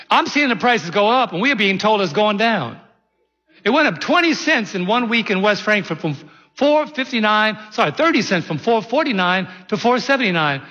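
A man's voice: sits high, sharp tone, big-room sound, dull audio. A man preaching a sermon in a church, in a folksy, conversational way full of rhetorical questions. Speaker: pastor.

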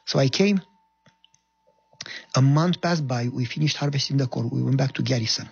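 A man telling a personal story, acting out the dialogue with lively energy. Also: medium pitch, normal speed, vocal fry, breathy edge, lo-fi sound. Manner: animated, acts out dialogue.

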